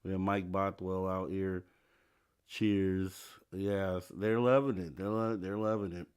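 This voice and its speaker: A man's voice: deep voice, steady tone, unhurried, darkish tone, clean tone. A man hosting a live call-in show, upbeat as he relays comments from the chat. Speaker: host.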